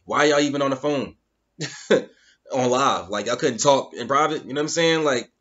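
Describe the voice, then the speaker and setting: A man's voice: mid-range voice, normal speed, fairly bright tone, dull audio. A man giving a casual, mocking commentary rant, repeating phrases and sounding incredulous. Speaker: YouTube commentator.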